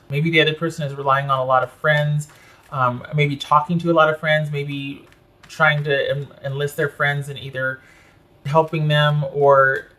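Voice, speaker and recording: A man's voice: on the high side, sharp tone. A man giving a casual tarot reading, thinking aloud as he turns cards and correcting himself as he goes. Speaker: tarot reader.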